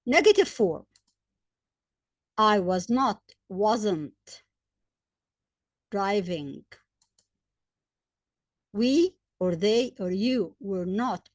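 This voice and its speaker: A woman, likely a native Arabic speaker, teaching English grammar step by step, spelling out letters, repeating examples and pausing with fillers. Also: medium pitch, no echo, studio quality. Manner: hesitant fillers between points. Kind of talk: slow, deliberate grammar lesson.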